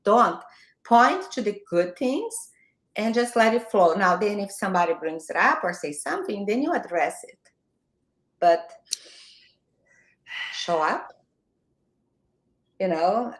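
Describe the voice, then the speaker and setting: A woman with a Brazilian Portuguese accent speaks in a mid-pitched voice, giving direct, emphatic advice as a guest. Her voice carries the echo of a reverberant room heard through a video call. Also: lively intonation, slow, long pauses. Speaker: guest, marketing mentor. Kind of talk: motivational interview talk. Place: home, morning video call.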